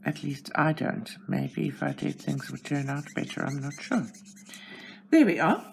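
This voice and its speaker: A woman's voice: very deep voice, level tone, normal speed, creaky, slight background noise. A South African woman chatting casually as she colors, narrating her steps in a chatty, self-deprecating way. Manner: chatty, self-deprecating, talks to herself while working. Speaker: channel host. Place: at home.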